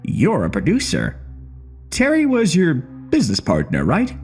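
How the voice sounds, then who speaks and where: Brief: taunting, bitter gunman, put on by a male narrator, wildly swinging pitch, soft music bed. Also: wildly swooping pitch, a little slow, full character voice. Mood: mocking. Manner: mocking, swaggering taunts. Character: bitter, sneering male gunman holding hostages. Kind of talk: horror story narration.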